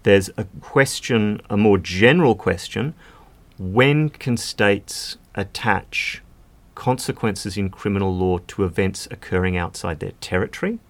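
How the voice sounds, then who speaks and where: A man's voice: on the low side, unhurried. A man speaking as a legal expert guest in a podcast conversation, explaining at length with casual fillers.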